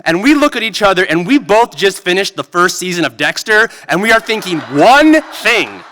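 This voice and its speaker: Male storyteller at a live event; lively, loose, lots of "like"; higher, bright voice, reverberant hall. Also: moderate pace. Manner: animated, peppered with "like". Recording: long reverb of a venue hall.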